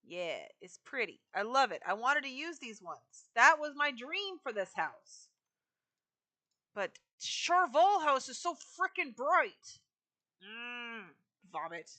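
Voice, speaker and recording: A woman's voice: high voice, sing-song, slow, bright, forceful tone. A woman live streaming a video game, chatting casually with her viewers while she decorates.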